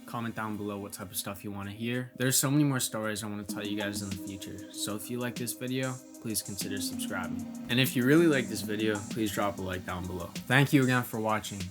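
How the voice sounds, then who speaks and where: A young man with a fairly low voice tells a story to his camera in a loose, casual way. He is animated and fills his talk with "like" as he acts out how he reacted. Soft music plays faintly behind him. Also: fast talker, few pauses. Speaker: vlogger telling personal stories.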